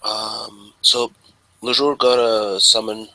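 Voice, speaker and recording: A man playing in a tabletop role-playing game, halting and full of fillers. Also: lowish voice, little pitch movement, vocal fry, sharp tone, no echo, rough recording. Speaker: player.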